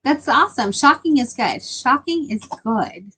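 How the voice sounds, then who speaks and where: A woman's voice: high-pitched, lively intonation, a little slow, a bit bright, husky, rough recording. A young adult woman chatting casually with her live stream viewers, rambling with lots of filler words.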